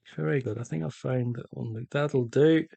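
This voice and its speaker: A middle-aged man chatting casually while he paints, slow and rambling with many pauses. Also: medium pitch, gravelly, mellow, dry recording. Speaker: art vlogger.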